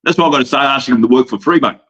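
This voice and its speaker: A man's voice: mid-range voice, rapid-fire, fairly bright tone, breathy edge, dull audio. A slightly drunk Australian man, a wrestling promoter, telling rambling, profane, boastful stories in a casual podcast chat. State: a little drunk.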